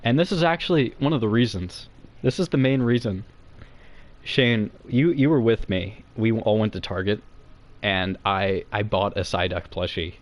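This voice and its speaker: A young man telling a comic story to friends in a rambling, profane, excitable way. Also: on the low side, normal speed.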